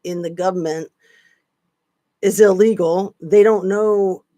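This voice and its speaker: Slow, chatty woman streamer. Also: mid-range voice, steady tone, warm tone, no room sound. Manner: slow, chatty, sarcastic asides. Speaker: channel host. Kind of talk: casual live-stream chat.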